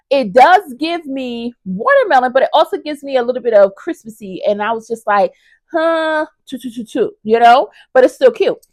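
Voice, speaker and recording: A woman's voice: a little high, no echo. A woman vlogger chatting casually about her crochet projects, enthusiastic and talking straight to her viewers. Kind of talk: casual review chat.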